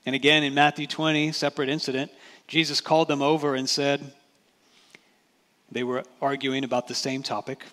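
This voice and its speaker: A man's voice: mid-range voice, level tone, moderate pace, a bit bright. A man preaching a sermon as pastor, talking to the congregation in a conversational way and asking rhetorical questions. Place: church sanctuary. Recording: church hall reverb.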